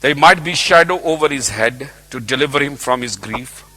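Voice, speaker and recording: Lively, bright-voiced preacher. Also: male voice, medium pitch, moderate pace. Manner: animated storytelling, acting out the characters. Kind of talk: sermon on a Bible passage.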